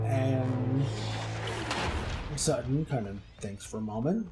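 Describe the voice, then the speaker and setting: A man's voice: mid-range voice, normal speed, loud music behind the voice. A man hosting a game video, casually retelling a myth with lots of fillers. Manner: rambling, many fillers. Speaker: gaming channel host.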